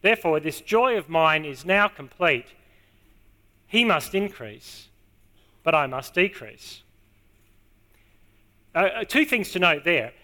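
Male preacher, high and bright, emphatic sermon delivery. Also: big pitch swings. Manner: emphatic, repeating key words slowly. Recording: long hall reverb.

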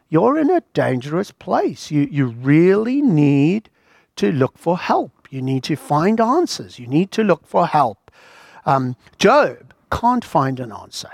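A man preaching a sermon in an earnest, emphatic way, with dramatic pauses. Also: fairly high pitch, dry recording, studio quality.

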